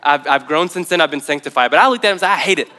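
A young man preaching a sermon as pastor, telling a personal story in an animated, conversational way. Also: a little high, very fast. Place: church.

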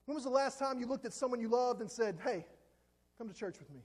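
40s guy preaching, high pitched, jokey and casual, big echoey church. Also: lively intonation, fast, a little mellow, breathy edge. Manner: conversational, joking, self-deprecating. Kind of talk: sermon. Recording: long hall reverb.

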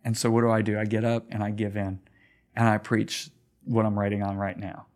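A middle-aged man, a pastor, telling a story earnestly in a conversation, his voice climbing high when stirred. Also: level tone, a little fast, darkish tone.

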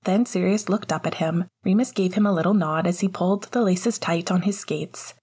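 A woman narrating a novel chapter in a soft, half-whispered reading. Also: on the low side, normal speed, slightly rough. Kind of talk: audiobook reading of fiction.

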